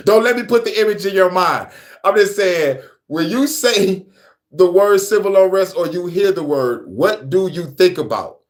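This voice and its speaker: Guy riffing on politics, laughs a lot, pitch jumps all over, swears constantly. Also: a little slow. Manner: animated, laughs often, heavy cursing. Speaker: podcast co-host. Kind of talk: casual profane political commentary.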